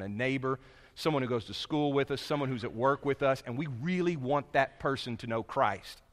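Animated preacher in a reverberant hall. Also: male voice, mid-range voice. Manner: animated preaching, drops to soft asides. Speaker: pastor. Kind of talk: sermon.

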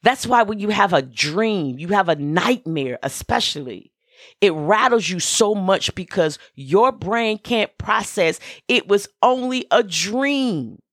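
A woman's voice: mid-range voice, animated, takes it slowly, a bit bright, no echo, clean studio sound. A woman who is a minister, hosting a motivational podcast and speaking emphatically, repeating key phrases and giving direct instructions to listeners.

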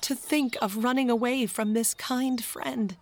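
Young girl, shy and polite read by a woman narrator. Soft storybook voice. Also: fairly high pitch, fairly even intonation, unhurried. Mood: flustered. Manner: flustered, polite.

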